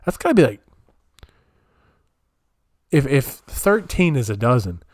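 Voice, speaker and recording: A young man talks through a solo podcast in a small room at home. His voice sits at an ordinary middle pitch and rambles from one bit to the next, breaking into incredulous asides as he reads things aloud. The sound is close and dry, with no room echo. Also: big pitch swings, a little slow. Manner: rambling, incredulous, riffing while reading aloud. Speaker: podcast host. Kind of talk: solo comedic podcast rant.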